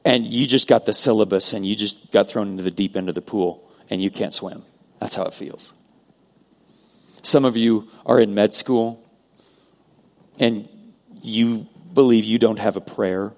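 A man preaching a sermon as pastor, earnest, moving between loud emphasis and hushed prayer. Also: on the low side, fairly even intonation, unhurried. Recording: long hall reverb.

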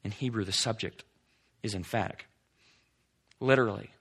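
A male pastor with a mid-range voice preaches a sermon and reads scripture. He swings between emphatic lines and slow, hushed passages.

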